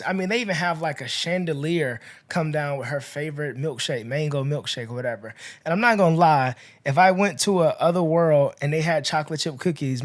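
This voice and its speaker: A man hosting a podcast, casually retelling a movie's plot in a chatty, rambling way, full of "you know" and "like", with his voice rising and dropping in loudness. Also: a little high. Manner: chatty, filler-heavy storytelling with swings in loudness. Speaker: podcast host.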